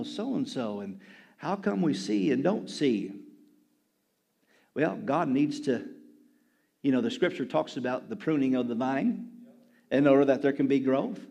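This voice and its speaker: High-voiced impassioned male preacher. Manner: impassioned preaching, builds to loud exclamations. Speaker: pastor. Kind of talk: sermon.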